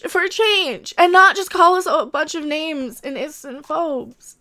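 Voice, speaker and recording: A woman hosts a livestream reaction, her voice set very high. She rants with feeling, swears freely and laughs between lines. Her tone is bright and sharp. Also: measured pace. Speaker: livestream host reacting to a trailer.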